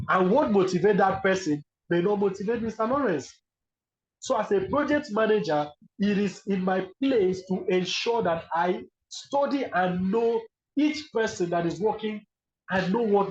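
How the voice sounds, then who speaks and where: A man with a Nigerian accent giving an animated webinar lecture, often acting out the people he quotes. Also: sits high, roomy sound, slight background noise. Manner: animated, acts out quoted speakers. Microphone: video call. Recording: dull lo-fi video call audio.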